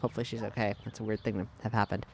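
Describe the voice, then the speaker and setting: A man speaking as a player in a tabletop role-play, thoughtful and soft-spoken. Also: fairly low pitch, flat delivery, very fast.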